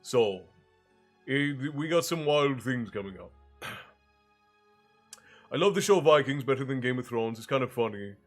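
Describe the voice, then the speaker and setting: Man, stream host, stuffy-voiced, rambling and stop-start, middling pitch, soft music under him. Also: animated, normal speed, long pauses. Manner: rambling and self-interrupting, greets viewers by name. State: congested, low on breath. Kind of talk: casual chat with a live chat, then reading a fantasy novel aloud.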